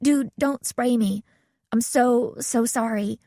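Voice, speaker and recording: A woman's voice: fairly high pitch, dark tone, no room sound, studio quality, voice pushed up. A woman voicing an eager young teenage girl who gushes apologies in an audiobook. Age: child of 13 or 14 as played. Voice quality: rushed, gushing apologies.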